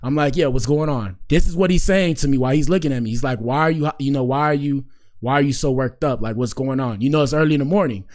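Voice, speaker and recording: Soft-spoken guy in his 20s, podcast host rambling thru a story, lots of slang and repeats. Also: mid-range voice, fast talker. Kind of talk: casual storytelling.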